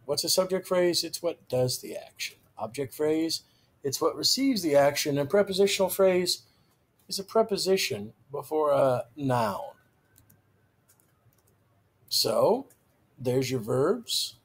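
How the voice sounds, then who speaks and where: A man delivers a recorded grammar lecture in a slightly husky voice. His pitch moves a lot, lifting on key terms and dropping at the ends of phrases. He speaks slowly and deliberately, stressing each new word. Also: expressive. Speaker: teacher.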